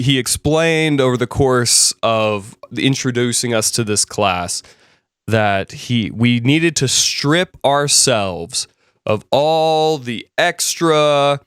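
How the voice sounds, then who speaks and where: A man's voice: mid-range voice, fairly bright tone, clean tone, no echo. Male instructor, casual lecture, chatty storyteller, resonant and dry close sound. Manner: storytelling, conversational, many fillers and restarts. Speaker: business presenting instructor. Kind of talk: casual classroom lecture with anecdotes.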